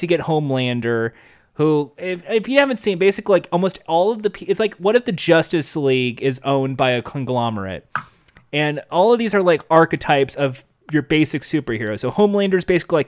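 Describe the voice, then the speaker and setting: A man chatting casually about a TV show with friends, animated and quick to laugh. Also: a little high. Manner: animated, laughs often, does mock voices. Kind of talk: casual chat reviewing a TV show.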